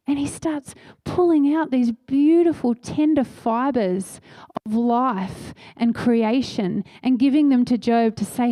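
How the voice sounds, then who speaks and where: A woman's voice: on the high side, slow pace, hardly any pauses, dark tone, dry recording. A woman preaching a sermon in a church, telling a story earnestly and acting out the voices she quotes.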